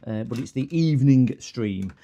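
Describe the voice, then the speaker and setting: A man's voice: mid-range voice, lively intonation, normal speed, mellow, slight background noise. A man with a northern English accent, chatting casually on a live repair stream and rambling off into long stories. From northern England. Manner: rambling, digressive storyteller.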